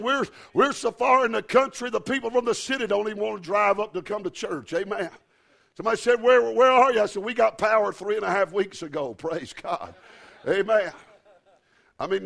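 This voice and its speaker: A middle-aged man preaches, his voice pitched high and grainy with fry. He tells his story plainly, then climbs into shouted, rhythmic preaching punctuated by "uh, uh.". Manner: builds to shouted preaching with "uh, uh" fillers. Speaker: pastor. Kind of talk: storytelling sermon.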